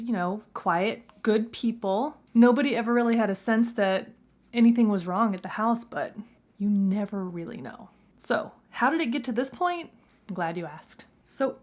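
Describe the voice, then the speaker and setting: Woman true crime host, casual storyteller, playful and jokey. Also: medium pitch. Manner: playful, chatty, jokey asides.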